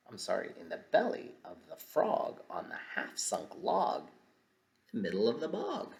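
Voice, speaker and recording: A man's voice: medium pitch, huge pitch swings, normal speed, gravelly, a little mellow. A man reading a picture book aloud to children in a playful, sing-song way, stopping to correct his own slips. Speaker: children's story reader.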